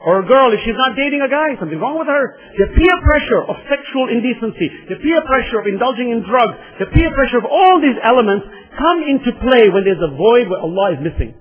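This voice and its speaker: A man with a high voice delivers an impassioned sermon, repeating himself for emphasis and calling out to his listeners. The sound is dull and lo-fi, with a long reverb trailing off through a large hall. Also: expressive, brisk, few pauses. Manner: impassioned, repetitive, addresses the congregation directly. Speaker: preacher.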